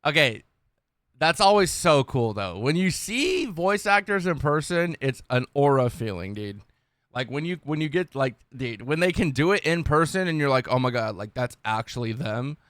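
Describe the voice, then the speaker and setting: Slangy young male streamer, slightly high. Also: normal speed, dry recording. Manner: excitable, slangy, swearing, rambles. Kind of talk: casual reaction commentary.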